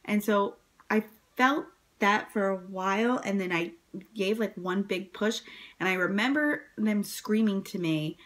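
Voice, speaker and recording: A woman vlogger telling her birth story to camera in a casual, chatty way, full of "like" and "um", jumping up high when she quotes herself and others. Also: unhurried. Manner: chatty, many fillers, acts out quotes in a high voice.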